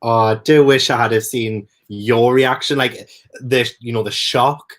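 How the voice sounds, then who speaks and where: A man hosts a relaxed book stream, talking in a mid-pitched voice. He gushes with enthusiasm and breaks into laughter often. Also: a little slow. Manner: effusive, gushing, laughs a lot. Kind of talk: casual chat.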